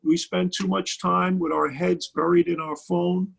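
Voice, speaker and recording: A middle-aged man with a Brooklyn accent talks earnestly and reflectively as a podcast guest. His voice sits high for a man, heavily gravelly and husky. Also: flat delivery, a little slow, fairly bright tone. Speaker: basketball broadcaster, podcast guest. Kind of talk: casual podcast conversation.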